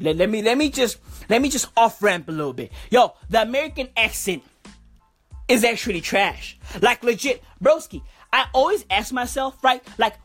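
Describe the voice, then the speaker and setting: A woman doing a comic rant, animated and profane, full of slang. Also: mid-range voice. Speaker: comedy vlogger.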